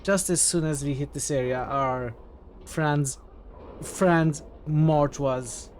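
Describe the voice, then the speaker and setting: A man's voice: on the high side, slow pace, slight background noise. A man streaming a game casually, reading the game text aloud and greeting his chat. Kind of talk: casual game livestream commentary.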